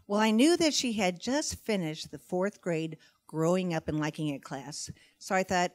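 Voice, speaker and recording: A middle-aged woman telling a stand-up story on a live comedy stage, wry and animated, breaking into loud outbursts. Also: fairly low pitch, normal speed, hardly any pauses.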